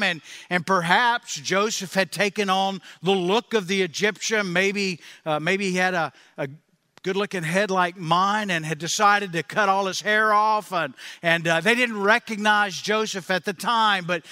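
High bright-voiced male preacher. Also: unhurried, long reverb tail. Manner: emphatic, repetitive phrasing. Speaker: pastor. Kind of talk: sermon.

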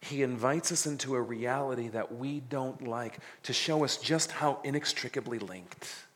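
A man's voice: medium pitch, moderate pace, a bit bright. A man preaching a sermon, reading scripture dramatically and adding casual jokes. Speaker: pastor. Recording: reverberant hall.

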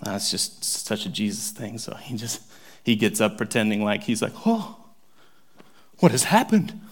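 A man preaching a sermon, animated and conversational, swinging from loud excitement to hushed near-whispers. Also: lowish voice, normal speed. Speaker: pastor.

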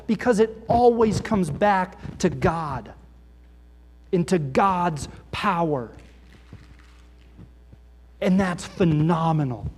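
A middle-aged male pastor preaching a passionate, emphatic sermon in a church, swinging between forceful urging and quiet intensity. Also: high voice. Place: church sanctuary. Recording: reverberant church hall.

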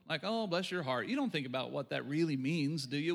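A middle-aged pastor from rural Oklahoma delivers a sermon in a fairly high voice. He talks emphatically and repeats his key lines. Folksy asides break up the preaching. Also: animated, quick pace, a bit bright.

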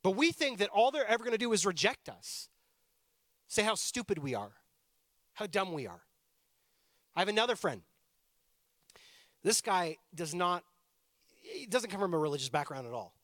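A man's voice: high voice, very animated, moderate pace, pauses often, fairly bright tone, no echo, clean studio sound. A man in his thirties preaching a sermon, telling personal stories in a conversational, playful way with joking asides. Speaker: pastor.

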